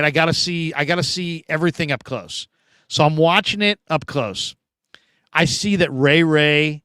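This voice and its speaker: Talkative male sports host, higher voice, dry close sound, chatty live-stream delivery with big swings between loud and soft. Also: clear, resonant tone, dry recording. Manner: animated, talkative, swings between loud bursts and quiet asides. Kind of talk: casual live-stream chat reading comments.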